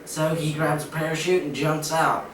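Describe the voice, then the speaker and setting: A man's voice: fairly high pitch, flat delivery, moderate pace. A young man casually setting up a joke challenge and telling jokes in a loose, rambling way. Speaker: channel co-host. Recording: distant echoey room with noise behind.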